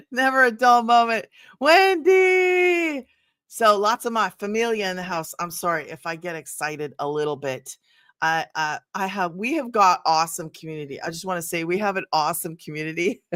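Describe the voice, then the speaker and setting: Older woman as a livestream host: excitable, chatty, greets viewers by name, laughs easily. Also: fairly low pitch, a little fast. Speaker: livestream host selling online business programs. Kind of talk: casual livestream chat with viewers.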